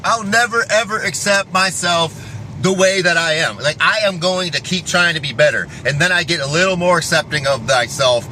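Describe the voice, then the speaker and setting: A man's voice: high-pitched, normal speed, pushed and bright, a little hiss or hum. A man giving a rambling, profane vlog monologue, often breaking off and restarting his sentences. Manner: profane, restless, self-interrupting. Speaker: fitness vlogger.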